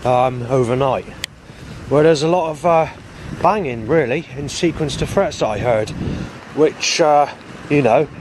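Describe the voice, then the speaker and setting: A man's voice: medium pitch, noisy background. A man in his forties, recording a rambling monologue to camera outdoors and circling back over his words. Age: 40s. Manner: rambling, repetitive, with frequent restarts. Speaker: vlogger.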